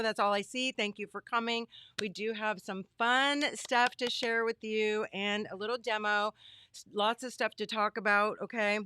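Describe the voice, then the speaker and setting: A middle-aged woman hosting a casual craft livestream from her home studio, bubbly and chatty as she greets viewers by name, her voice a bit worn and hoarse. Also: mid-range voice, pushed and bright, a little hiss or hum. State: losing her voice. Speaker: livestream host.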